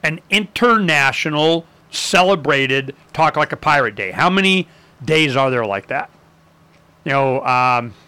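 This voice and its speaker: A man telling history in a casual, animated way, acting out quotes and using many fillers. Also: medium pitch, smooth.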